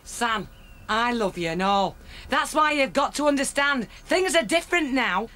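A woman's voice: fairly high pitch, animated, normal speed, pushed and bright. A woman voicing a blunt, scheming Englishwoman who swears freely. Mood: lecturing.

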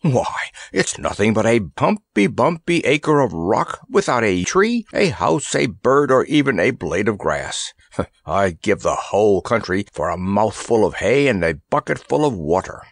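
A man voicing a pompous, grumpy male elephant in a storybook, with a gruff, sarcastic, grumbling manner. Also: lowish voice, big pitch swings, unhurried, no echo, studio quality, heavily acted. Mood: scornful. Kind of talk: audiobook character voice.

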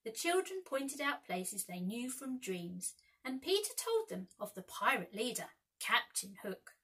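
Husky woman reading a children's story. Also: on the high side, a little slow, poor audio. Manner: expressive, lively storytelling. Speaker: teacher.

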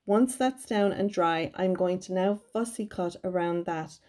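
A woman's voice: on the low side, a little slow, mellow. A woman giving a chatty, cheerful craft tutorial voice-over from her home craft room. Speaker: card-making crafter.

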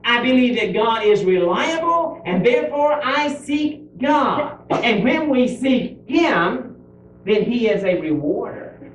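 Male preacher, deliberate sermon delivery that draws out scripture and drops to a hush; roomy hall sound on an old tape. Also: extremely high pitch, very animated. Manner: emphatic, stretches out scripture quotes and drops to a hush on key words. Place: church sanctuary. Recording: echoey church from far off with faint hum, early 1990s tape.

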